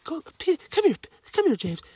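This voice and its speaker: A man's voice: very high voice, huge pitch swings, normal speed, warm tone, dry recording, voice pushed up, exaggerated voice. A man doing a cooing dog owner in baby talk. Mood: mock cooing. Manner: sing-song baby talk.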